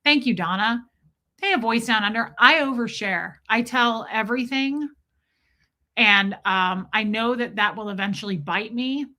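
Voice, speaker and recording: A woman's voice: on the high side, unhurried, sharp tone. A middle-aged woman hosting a casual livestream, chatting confidingly and greeting viewers by name. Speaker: livestream host.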